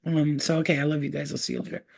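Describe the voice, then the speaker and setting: Woman host for a casual spiritual livestream. Lowish, mellow voice. Rambling, slangy and profane, warmly devoted to viewers. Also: fairly even intonation, racing, vocal fry, slightly rough. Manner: affectionate toward viewers, often saying she loves them. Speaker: spiritual reader hosting a livestream.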